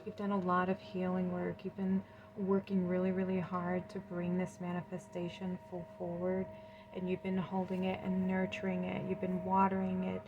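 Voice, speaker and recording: Soft-spoken woman reading tarot cards. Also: lowish voice, completely flat delivery, normal speed, lo-fi sound, noisy background. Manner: gentle, soothing, emotional and effusive. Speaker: tarot reader. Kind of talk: pick-a-card tarot reading.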